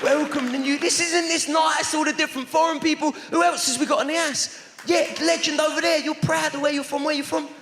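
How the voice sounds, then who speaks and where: Brash comic working a crowd. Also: male voice, very high voice, fairly even intonation, a little fast, few pauses, background noise. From London. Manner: brash, mock-welcoming banter with the crowd. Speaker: stand-up comedian. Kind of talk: stand-up crowd work. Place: large theatre stage. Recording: big echoey hall with loud crowd. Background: audience laughter.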